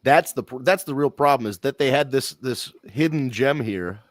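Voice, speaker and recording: A man's voice: mid-range voice, normal speed, dry recording. A man hosting a wrestling podcast, giving blunt, rambling opinions in casual talk and swearing freely.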